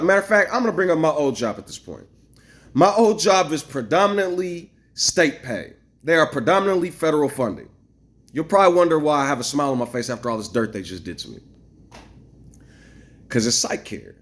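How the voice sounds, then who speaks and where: A man telling a long, rambling story to camera, animated and profane, acting out what others said. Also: on the high side, brisk. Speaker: vlogger. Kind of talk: casual storytelling rant.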